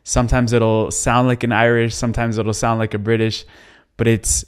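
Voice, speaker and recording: A man hosting a spiritual interview podcast. He asks questions softly and keeps affirming his guest with admiring remarks. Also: mid-range voice, little pitch movement, moderate pace, clear, resonant tone. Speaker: podcast host.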